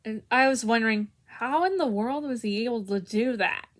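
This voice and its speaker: A woman's voice: fairly high pitch, normal speed. A young woman giving a casual harmonica tutorial, hesitant, with many restarts and fillers. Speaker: harmonica teacher.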